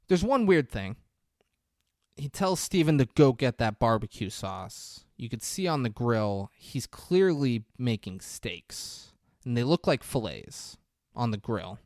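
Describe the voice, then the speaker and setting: A man's voice: mid-range voice, very animated, a little slow, few pauses, a little mellow, dry recording. Podcast host, male, loose rambling recap with swearing, dry close sound. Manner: rambling, profane storytelling with laughs. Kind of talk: casual movie recap.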